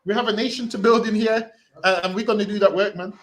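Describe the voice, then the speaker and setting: A man street preaching forcefully, repeating himself and ending phrases with "man". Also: high-pitched, fairly even intonation, fast, roomy sound.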